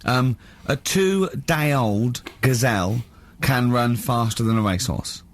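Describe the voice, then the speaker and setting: A man's voice: mid-range voice, a little slow, a little hiss or hum. An English man hosting a comedy radio show, telling stories in a teasing, giggly way. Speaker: radio host. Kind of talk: casual comedy radio chat. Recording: radio studio.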